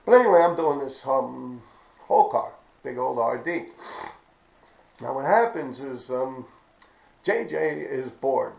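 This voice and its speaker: A man casually telling rough, profane stories, rambling and often clearing his throat. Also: medium pitch, expressive, a little slow, long pauses. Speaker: graffiti writer telling stories. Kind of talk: casual storytelling. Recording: roomy, dull lo-fi recording.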